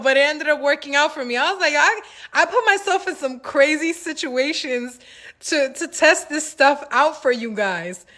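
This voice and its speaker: A woman with a high-sitting voice hosts a casual livestream Q&A, answering viewer questions by telling animated, slangy stories punctuated with laughter. She's recorded through a phone mic.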